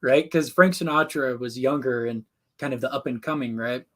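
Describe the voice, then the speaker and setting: A man in casual chat about classic cartoons, enthusiastic and quick to quote characters. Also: mid-range voice, crowd noise. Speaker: co-host reviewing classic cartoons.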